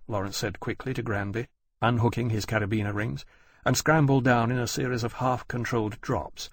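A man narrating an audiobook in a measured, descriptive storytelling manner. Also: mid-range voice, vocal fry, husky, dry recording, studio quality. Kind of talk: scripted narration.

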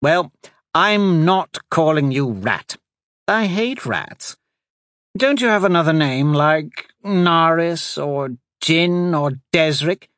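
A man voicing a cunning male sorcerer who speaks in a slow, soothing, measured way. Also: on the high side, expressive, fairly bright tone, dry recording, studio quality, pitched above the performer's own voice. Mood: disdainful. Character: cunning male sorcerer, smooth, patient and manipulative.

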